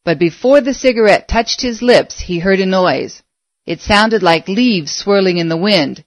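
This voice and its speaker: A woman narrating a story aloud in a measured, expressive way. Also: mid-range voice, no room sound. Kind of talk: audiobook narration.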